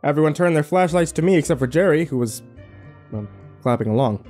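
A man narrating a first-person horror story in a wry, expressive way. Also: fairly high pitch, brisk, faint music behind.

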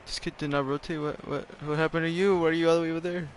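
Excitable young man streaming a game. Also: fairly high pitch, very fast, soft background music. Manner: excitable, swears often, laughs at plays. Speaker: gaming streamer. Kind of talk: casual live gameplay commentary.

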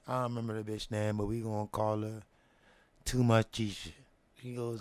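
A man spins a long story in loose street slang, checking in with "you know what I mean?" and sinking into hushed asides. His voice is gravelly, and it sounds close and dry, with no room around it. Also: on the low side, flat delivery, moderate pace, dry recording. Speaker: host telling a story. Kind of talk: casual slang-heavy storytelling.

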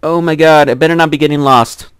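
A man's voice: fairly even intonation, quick pace, fairly bright tone, clean tone, dry recording. Young male gameplay commentator, rambling, laughing often, dry close sound. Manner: chatty, giggly, rambling to himself; squeals in a high voice at cute animals.

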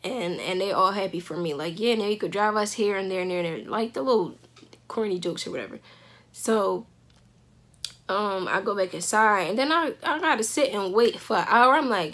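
A young woman with a mid-range voice tells a personal story at a moderate pace. She's casual and animated, laughing often and acting out what people said.

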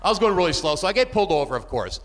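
A man doing a stand-up comedy set, animated and jumping into shouted bits. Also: high voice, racing.

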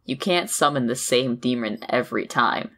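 A woman co-hosting a comedic podcast with a calm, deadpan delivery, like a bored radio announcer. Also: very deep voice, moderate pace. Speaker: podcast co-host. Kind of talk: casual comedic banter.

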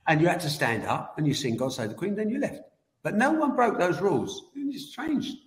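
A man in his seventies, a guest telling animated anecdotes and laughing through them. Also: sits high, a little fast. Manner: animated, laughs as he tells the story. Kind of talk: anecdotal storytelling. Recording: roomy echoey room.

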